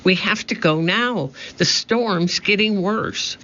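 A man's voice: high voice, slow, bright, forceful tone, pitched above the performer's own voice, exaggerated voice. A man voicing an eager young girl with an urgent, pleading manner, in a muffled lo-fi recording. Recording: muffled lo-fi audio.

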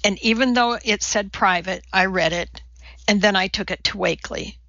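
A woman's voice: medium pitch, moderate pace, vocal fry, pushed and bright, no echo, lo-fi sound. A woman reading an audiobook, voicing an upset young girl who tearfully confesses.

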